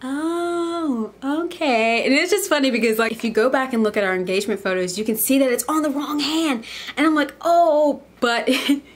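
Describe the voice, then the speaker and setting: A woman's voice: sits high, fairly quick. A young woman, chatting to camera in a casual, bubbly and emotional way. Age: young adult. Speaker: vlogger.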